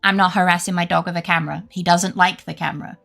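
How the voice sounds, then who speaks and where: A woman's voice: lowish voice, fairly even intonation, fast, vocal fry, fairly bright tone, faint music behind. A British woman streaming live, chatting with viewers in a rambling, sweary, self-deprecating way and laughing often. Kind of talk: casual chat with live viewers.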